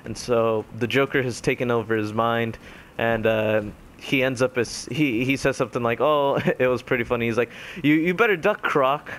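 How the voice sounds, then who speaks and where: A young man casually retelling a video game ending, rambling with many fillers and quickly mimicking the characters' lines. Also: medium pitch, flat delivery. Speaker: gaming commentator. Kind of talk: casual spoken game recap.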